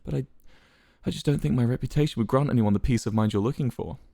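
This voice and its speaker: A man's voice: mid-range voice, quick pace, vocal fry, mellow, dry recording, studio quality. A man voicing a proud, stammering fallen leader in a read-aloud story. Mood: humbled. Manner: stammering, then bitter.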